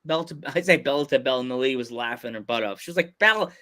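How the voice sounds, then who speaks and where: A man's voice: mid-range voice, fast talker, a bit bright. A man from Pennsylvania hosting a casual podcast interview, joking and laughing often. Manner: playful, laughs often, jokey voices. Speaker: podcast host.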